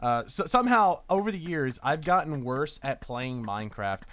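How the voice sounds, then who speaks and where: A man hosting a game livestream in relaxed, jokey chat, laughing a lot and tripping over his words. His voice sits a bit high and swings widely in pitch, recorded close and dry. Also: moderate pace, no echo. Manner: jokey, laughs often, rambles with restarts. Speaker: livestream host. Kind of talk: casual gaming chat.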